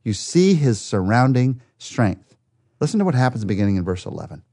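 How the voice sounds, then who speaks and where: Man, Bible study teacher, earnest, emphatic rises, mid pitch. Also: very animated, a little fast, warm tone. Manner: earnest, builds to emphatic high peaks when stressing a point.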